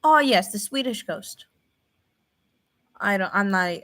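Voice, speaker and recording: Lively excitable young woman reacting. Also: on the low side, normal speed, long pauses. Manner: excitable, thinks aloud with fillers and repeats. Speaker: reaction video host. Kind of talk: casual reaction commentary.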